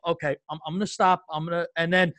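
A man in a casual sports chat, telling stories in an excitable way. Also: on the high side, fast, dry recording. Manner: excitable storyteller.

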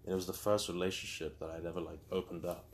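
A man's voice: low-pitched, flat delivery, fast talker, a little hiss or hum. A young man speaking candidly as an interview guest, telling his story openly and acting out quotes with animation.

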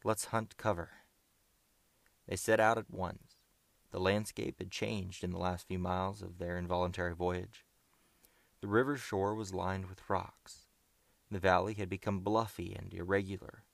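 Man, audiobook narration, low gravelly voice, dry close sound. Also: no room sound. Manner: steady, measured reading.

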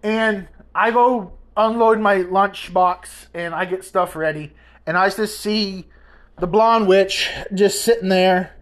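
A woman hosting a casual podcast, telling a family story in a rambling, animated way with many restarts. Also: medium pitch, takes it slowly. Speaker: podcast host.

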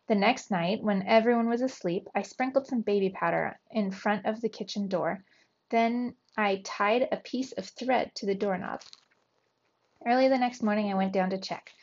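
A woman's voice: mid-range voice, muffled recording. Woman teacher reading a storybook aloud. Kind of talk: reading a children's novel aloud.

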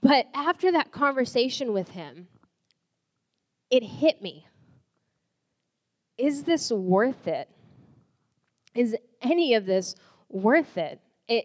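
Young woman giving a testimony in a reverberant hall. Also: medium pitch. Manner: candid, conversational, lots of "like" and restarts. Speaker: church volunteer giving a testimony. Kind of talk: personal faith testimony talk.

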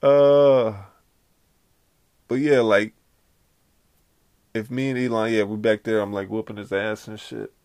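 Gravelly man rambling on a comedy podcast. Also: lowish voice, level tone, a little slow, long pauses, darkish tone. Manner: rambling, slangy, jokey storytelling. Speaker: podcast host. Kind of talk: casual comedic podcast chat.

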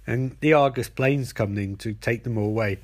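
A man rambling through a comic recap of a show. He uses lots of "like" and restarts. His voice is at an ordinary, middle pitch. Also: fairly quick. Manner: rambling, filler-heavy.

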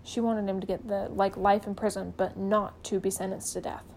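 A woman's voice: medium pitch, level tone, normal speed, darkish tone, slight background noise, rough recording. A woman hosting a podcast, retelling a true-crime case in a casual, chatty way full of "like" and "um", acting out the people she quotes. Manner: chatty, peppered with "like" and "um". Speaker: podcast host.

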